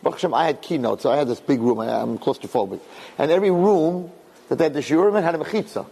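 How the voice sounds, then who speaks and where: A middle-aged man, a rabbi, telling stories to an audience in an animated way, repeating phrases and acting out dialogue. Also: on the high side, fast, gravelly, husky. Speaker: rabbi and speaker. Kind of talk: storytelling talk to an audience. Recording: long reverb in a hall.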